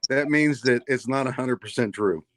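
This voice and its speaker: A man's voice: medium pitch, normal speed, a bit bright. A middle-aged man co-hosting a casual chat over a video call. He laughs a lot and cuts in to tease the others. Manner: laughs often, interrupts and teases. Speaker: co-host.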